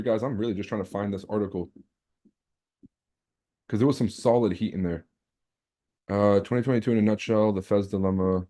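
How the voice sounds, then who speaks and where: A man's voice: lowish voice, mellow. A man hosting a live trading stream, chatting casually, brash and teasing as he reads out the chat and swears freely. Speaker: trading livestream host.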